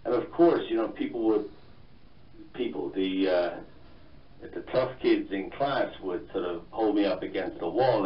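Irish-born man with a low voice and mixed accent. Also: echoey room, distant mic, highs cut off, slight background noise. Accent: mixed Irish, London and Canadian. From Ireland. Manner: halting, many fillers and restarts. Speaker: guest author. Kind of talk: radio interview.

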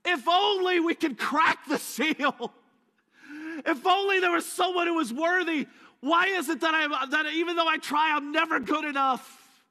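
A man voicing the apostle John in despair, pleading in a raised, drawn-out voice. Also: very high-pitched, bright, forceful tone, pitched above the performer's own voice, heavily acted. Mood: anguished pleading. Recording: echoey church hall.

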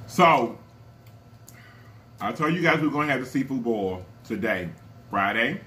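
A man hosting an eating vlog who gushes with thanks to his viewers, repeating words over and over between loud appreciative murmurs over his food. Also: mid-range voice, expressive, a little slow, a little hiss or hum. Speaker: mukbang channel host. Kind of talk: casual eating vlog chat.

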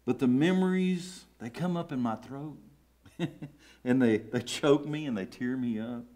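Slow, emphatic Southern pastor preaching. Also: male voice, medium pitch, warm tone. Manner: emotional, emphatic preaching with swells in volume. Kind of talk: sermon. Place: church sanctuary.

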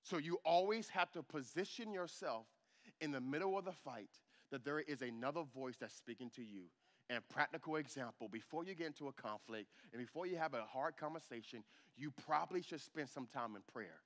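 Pastor, male, higher register, animated sermon delivery, works the congregation. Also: fairly quick. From United States. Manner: animated preaching, calls to the congregation for amens. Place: church sanctuary.

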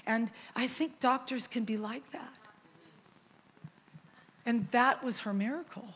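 Woman, middle-aged, sermon, conversational storytelling, lively, acts out quotes. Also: on the high side, slow pace, slightly rough. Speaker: guest worship leader preaching.

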